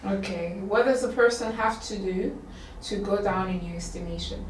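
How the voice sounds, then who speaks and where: A woman teaching one-on-one, patiently repeating words and questions slowly for her student. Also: medium pitch. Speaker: English tutor. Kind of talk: one-on-one language lesson. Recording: roomy echo, distant from the mic, faint background hiss.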